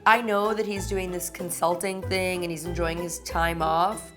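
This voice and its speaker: A woman's voice: on the low side, flat delivery, normal speed, music in the background. A woman hosting her own vlog, telling stories in a sarcastic, gossipy way and swearing freely. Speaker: vlog host. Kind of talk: confessional to-camera storytelling.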